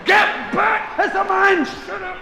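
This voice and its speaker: A man voicing a harried father with a Scottish accent, shouting gruffly at his noisy kids. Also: very high-pitched, little pitch movement, slow, pitched above the performer's own voice, full character voice. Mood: furious. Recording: echoey hall with background noise.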